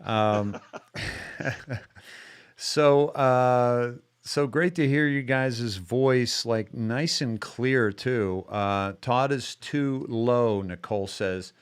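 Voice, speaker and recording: A man's voice: medium pitch, extremely slow, clean tone. A man hosting a live-streamed show in casual chat, rambling with many restarts and fillers.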